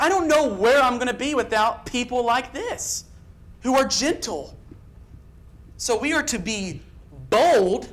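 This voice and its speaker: A man preaches a church sermon in an earnest, emphatic voice. He pushes ahead in quick bursts and leans on repeated phrases to drive each point home. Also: very high-pitched, fairly bright tone. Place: church sanctuary.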